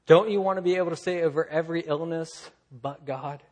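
A man preaching a sermon, swinging from loud, lively storytelling to quiet, low emphasis. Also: fairly quick. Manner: earnest preaching, rising loud in stories, dropping soft and low. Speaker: pastor.

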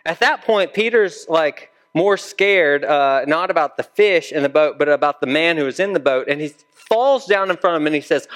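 A man's voice: fairly high pitch, lively intonation, moderate pace, a bit bright. A man preaching a sermon in a conversational storytelling way, acting out the dialogue of the people in his story. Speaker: pastor.

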